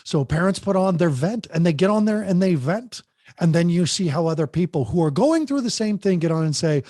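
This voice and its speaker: A man's voice: sits high, lively intonation, brisk, dark tone, no room sound, studio quality. A man who works as a parent coach, talking animatedly as a podcast guest and often restarting his sentences.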